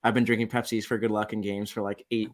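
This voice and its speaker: A man's voice: fairly low pitch, flat delivery, fast. A man in his twenties, a podcast guest, chatting casually with lots of "like" fillers. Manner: laid-back, peppered with "like". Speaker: podcast guest, sports superfan. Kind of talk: casual interview chat.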